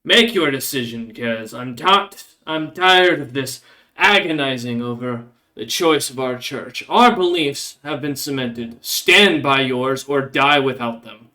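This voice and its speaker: A man voicing a stern immortal old male church elder who delivers commanding proclamations at a raised pitch. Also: measured pace, bright, forceful tone. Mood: furious.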